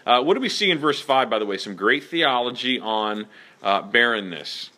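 A man leads a Bible lesson for a class in a bright, forceful voice. He talks casually and keeps checking in with his listeners, with plenty of fillers. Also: mid-range voice, animated, moderate pace. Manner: conversational, many fillers and check-in okays. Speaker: Bible teacher.

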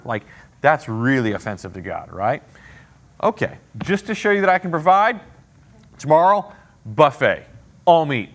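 A man leads a casual Bible study in a conversational way, often checking in with his listeners. His voice is animated and rises and falls widely in pitch. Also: a little slow, pauses often. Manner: conversational, frequent "right?" and "okay?" check-ins.

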